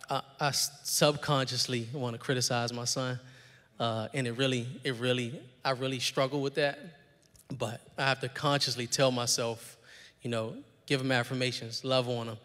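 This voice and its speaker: A man's voice: mid-range voice, a bit bright. A man, a father, speaking candidly on a church panel about his own father, reflective and full of restarts and fillers. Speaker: panel guest. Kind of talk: personal testimony in a panel. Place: church sanctuary. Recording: long hall reverb.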